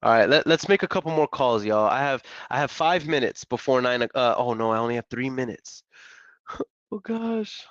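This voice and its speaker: A young adult man hosting a live stream, talking in a slangy, excitable way and laughing often. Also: medium pitch, normal speed, dry recording. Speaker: live-stream host making real estate calls. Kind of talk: casual live-stream chat. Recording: dull lo-fi dry sound.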